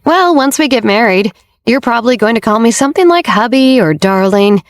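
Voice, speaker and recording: A woman's voice: on the high side, animated, fairly quick, no echo, pitched above the performer's own voice, close to an everyday voice. A woman narrator voicing a confident, teasing young man, the wealthy heir in a romance audiobook, read in a dry, close recording. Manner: playful, teasing.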